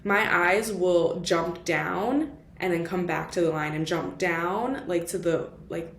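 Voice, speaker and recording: A woman talks casually through a book she has just finished, her voice sitting a little low. She leans on fillers like "like" and "you know" and slips in the odd Spanish phrase. The room is echoey, with a faint ambient hum behind her. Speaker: book vlogger. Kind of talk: casual book review chat.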